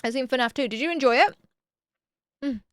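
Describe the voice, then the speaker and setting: A woman streaming casually, reading viewer messages aloud and answering them with bursts of excitement. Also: high-pitched, moderate pace, clear, resonant tone, no room sound, clean studio sound.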